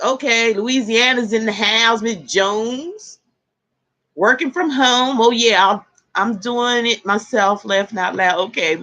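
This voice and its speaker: Woman, live-stream host, chatty, reads comments aloud, fairly high voice, bright tone. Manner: laughs easily, animated exclamations. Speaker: tarot reader hosting a live stream. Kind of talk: casual live-stream chat.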